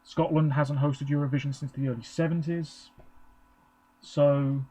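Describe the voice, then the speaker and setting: A man's voice: fairly high pitch, flat delivery, unhurried, dark tone, rough recording. A man giving a chatty, rambling live reaction, with frequent ums. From England. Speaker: vlogger. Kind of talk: casual live reaction commentary.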